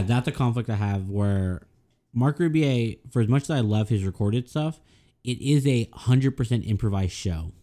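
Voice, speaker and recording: A man's voice: on the low side, warm tone. A man co-hosting a podcast in casual chat, laid-back and often laughing. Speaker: podcast co-host.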